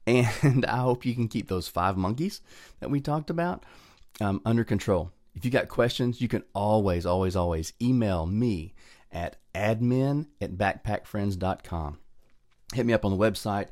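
A man's voice: fairly low pitch, darkish tone, dry recording, studio quality. A middle-aged man, hosting a motivational podcast in an earnest, heartfelt, conversational way. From Southern US. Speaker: podcast host.

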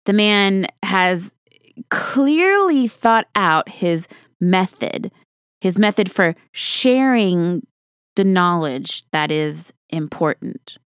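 A woman's voice: on the low side, no echo, clean studio sound. A woman hosting a podcast, chatting in a casual, enthusiastic, folksy way. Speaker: podcast host.

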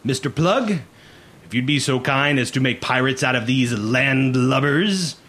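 A man voicing a commanding male pirate captain who speaks slowly and booms. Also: fairly bright tone. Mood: stern. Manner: slow, booming, commanding.

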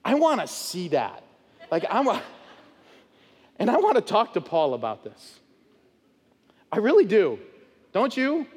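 A man preaching an expository sermon as pastor, animated and acting out voices of people in the story. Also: high-pitched, husky, in a large hall. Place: church sanctuary.

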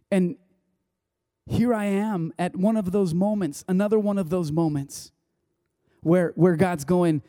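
A man's voice: high-pitched, measured pace, mellow, no room sound, clean studio sound. A man preaching a sermon, telling a personal story in a loose, conversational way with many restarts. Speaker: pastor.

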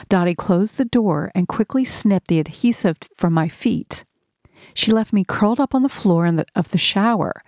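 A woman reading a first-person memoir aloud in a measured, earnest storytelling manner. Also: lowish voice, darkish tone, dry recording, studio quality. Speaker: narrator.

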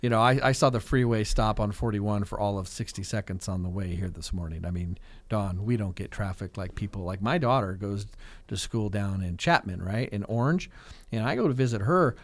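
A middle-aged man, a real estate agent and coach, talking in a chatty, energetic way with lots of "like" and "right?" in a casual radio interview. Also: on the low side, fairly quick. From Fresno, California.

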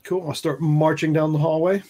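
A man's voice: a little high, little pitch movement, normal speed, a little mellow. A man chatting casually as a player in a tabletop role-playing game. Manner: easygoing, chatty.

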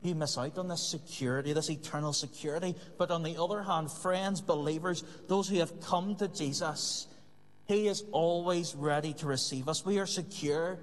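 A man's voice: fairly high pitch, moderate pace. A man preaching a sermon in an earnest way, repeating key phrases for emphasis. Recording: long hall reverb.

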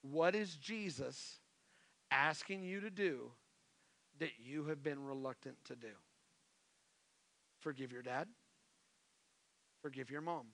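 A male pastor preaching a sermon, repeating his calls and swinging from hushed pleas to loud exhortations. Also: medium pitch, slow pace, long pauses. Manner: impassioned, repetitive exhortations, swings from hushed to shouting. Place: church sanctuary. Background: soft worship music.

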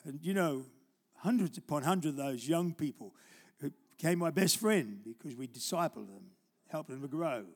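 An older male pastor delivers a live church sermon with a fairly high voice. He moves between loud, urgent exhortation and quiet, tender storytelling asides. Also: big pitch swings, normal speed. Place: church auditorium.

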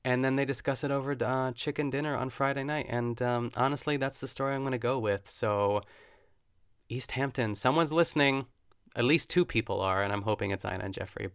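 A man's voice: medium pitch, a little fast, smooth, no room sound, clean studio sound. A man hosting his own podcast, chatting casually and gushing with self-deprecating asides. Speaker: podcast host. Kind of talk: casual solo podcast recap.

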